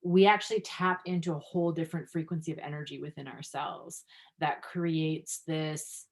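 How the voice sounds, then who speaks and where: An earnest woman coach speaking in a relaxed podcast conversation. Her voice sits on the low side for a woman, and she scatters "um" and "like" through her answers. She grows animated when recounting moments from her classes. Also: normal speed. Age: adult, practicing five years. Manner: earnest, many fillers, lively when telling anecdotes. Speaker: guest breathwork coach.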